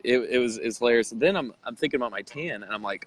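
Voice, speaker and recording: A man with a somewhat low voice recounts his story in a casual interview. He tells it animatedly, slipping into the voices of the people he quotes. Faint noise sits under his voice. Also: fast, few pauses, low-quality recording. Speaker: interview guest, bodybuilder.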